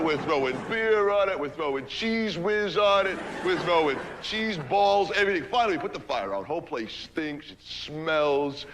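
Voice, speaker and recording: A man's voice: high voice, long reverb tail, noisy background. An actor playing a brash, streetwise young man who rambles through a story in ungrammatical slang and keeps asking "right?" in a stage monologue. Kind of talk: theatrical comic monologue.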